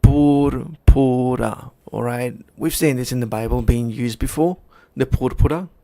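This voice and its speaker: A man's voice: mid-range voice, normal speed, mellow. A man commenting on a clip on a livestream, emphatic and repeating words for stress. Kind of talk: reaction commentary.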